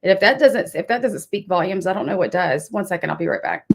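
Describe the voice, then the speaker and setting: A woman's voice: fairly low pitch, fast, creaky. A woman hosting a casual livestream, chatty, answering her chat and swearing when annoyed. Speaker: livestream host.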